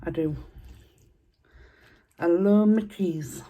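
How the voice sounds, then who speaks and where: A woman's voice: fairly low pitch, extremely slow, mellow. A middle-aged woman chatting casually to her viewers between bites of food. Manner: chatty, eating between sentences. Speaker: mukbang vlogger. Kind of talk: casual chat while eating.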